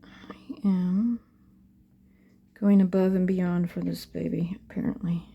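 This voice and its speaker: A woman's voice: on the low side, flat delivery, takes it slowly, vocal fry, warm tone, breathy edge, muffled recording. A middle-aged woman in a casual crafting vlog, talking to viewers as she paints a doll and often dropping to a half-whisper. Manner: chatty, often drops to a half-whisper while working. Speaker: reborn doll artist.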